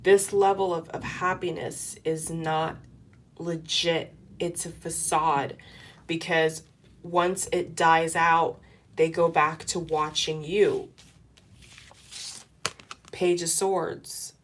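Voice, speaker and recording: A woman's voice: deep voice, flat delivery, takes it slowly, pauses often. A woman giving a tarot reading to camera, talking in an earnest, repetitive, coaching way. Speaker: tarot reader.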